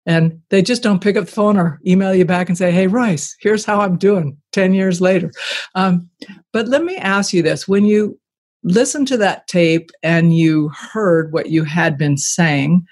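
An interview host with a middle-range voice talks warmly and thoughtfully, praising the guest and then asking open questions. The delivery is relaxed and conversational. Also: mid-range voice, a little slow. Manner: encouraging, reflective questions.

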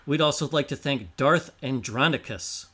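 A man's voice: mid-range voice, normal speed, a bit bright. A man co-hosting a history podcast, chatting casually, explaining and reading out listener names. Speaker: podcast co-host.

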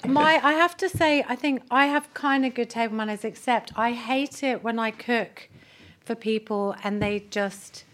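Chatty woman spinning a lively anecdote. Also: a little high, moderate pace. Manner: chatty, lively storytelling full of "like". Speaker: guest. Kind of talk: casual chat.

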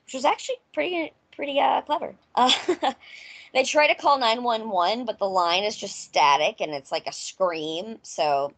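A woman's voice: fairly high pitch, moderate pace, fairly bright tone. A woman from Mississippi with a Southern American accent, hosting a podcast and casually retelling a film plot with lots of fillers. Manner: loose, filler-heavy storytelling. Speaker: podcast host. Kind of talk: casual chat recapping a film.

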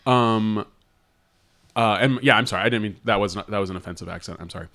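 A man's voice: fairly low pitch, fast, bright, forceful tone. A man co-hosting a podcast, chatting casually in a hesitant, wry, rambling way. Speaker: podcast co-host. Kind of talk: casual chat.

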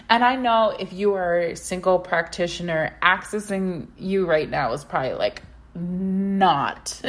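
Emphatic woman hosting a business podcast. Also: medium pitch. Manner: emphatic, repeats phrases, rhetorical questions. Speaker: podcast host, practice consultant. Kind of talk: solo podcast advice talk.

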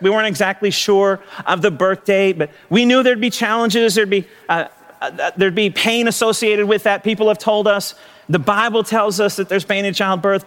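A middle-aged male pastor tells a personal story from the pulpit in a high, quick voice. He is animated, often laughing and restarting his phrases as he goes. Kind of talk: sermon storytelling.

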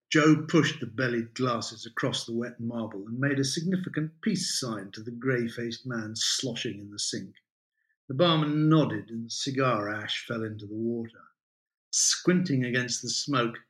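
A male writer reading his own short story aloud in a vivid, expressive way. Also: medium pitch, measured pace. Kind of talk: literary reading.

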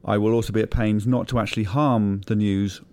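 A middle-aged man hosting a comic podcast, talking in a dry, deadpan, whimsical way. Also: fairly low pitch, fairly quick. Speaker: podcast host.

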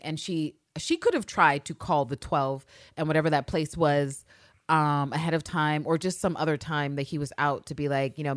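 A woman chatting on a podcast in a fairly low voice, animated and quick to swear. She acts out quoted lines with big jumps in loudness. The sound is dry and close. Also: dry recording. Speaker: podcast co-host. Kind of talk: casual chat.

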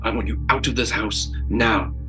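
A man voicing a broad-shouldered infantryman just back from war, shouting his accusations in a raised, forceful voice. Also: lowish voice, normal speed, soft background music, voice pushed up. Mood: furious.

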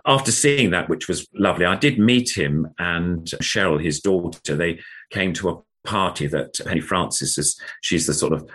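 An older man from England tells rambling, enthusiastic stories in a casual interview. His voice sits very low and has a husky grain to it. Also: moderate pace, a bit bright. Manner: chatty, rambling, enthusiastic storyteller. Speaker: interview guest, puppeteer.

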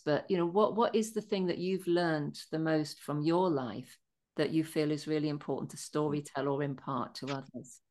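Woman, podcast host, low voice, affirming, encouraging interviewer. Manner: warm, affirming, lots of agreeing. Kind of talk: interview conversation.

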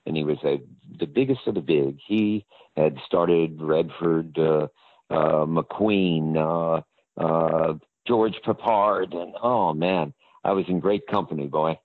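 An older man from the American South, with a very deep, low voice, tells a story in a rambling way, stopping often with fillers and restarts. He is heard over a thin, phone-like line with no room sound at all. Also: takes it slowly, no echo. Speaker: interview guest. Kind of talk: casual anecdotal storytelling.

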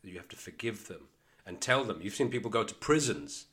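A man's voice: lowish voice, lively intonation, brisk, a bit bright. A man from chatting as a guest, laid-back and slangy. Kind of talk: casual chat.

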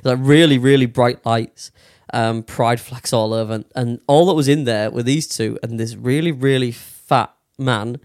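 A man's voice: mid-range voice, normal speed, a little mellow, no echo. Young guy rambling thru a story, swears loads, dry close sound. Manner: swears a lot, rambling with many fillers. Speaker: podcast co-host. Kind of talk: casual storytelling chat.

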